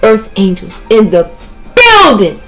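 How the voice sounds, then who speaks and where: A woman's voice: mid-range voice, slow pace, soft background music, poor audio. A woman doing a tarot reading in a brash, comedic way, swearing constantly and hurling colorful insults. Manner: profane, trash-talking, animated. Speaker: tarot reader.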